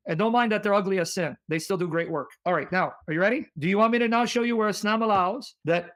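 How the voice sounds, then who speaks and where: High-voiced combative man reading sources. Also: fast talker, few pauses. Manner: forceful, combative, reads sources aloud, breaks into singing. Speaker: livestream host. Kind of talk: heated debate livestream.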